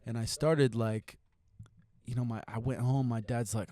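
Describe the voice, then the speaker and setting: A man in his thirties from Seattle, a podcast guest telling stories in lively conversation, acting out quotes and swearing freely. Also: medium pitch, measured pace. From Seattle, United States. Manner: animated storyteller, acts out quotes, swears freely. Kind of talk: casual storytelling conversation.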